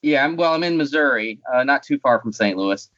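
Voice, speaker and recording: A man's voice: mid-range voice, lively intonation, fairly quick, a bit bright, lo-fi sound. A man with a light North Carolina accent, a guest in a casual interview, talking with dry, self-deprecating humor.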